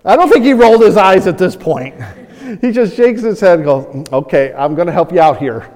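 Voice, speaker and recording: A man preaching a sermon as pastor, animated and acting out the voices of people he quotes, chuckling often. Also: high-pitched, fairly quick, long reverb tail.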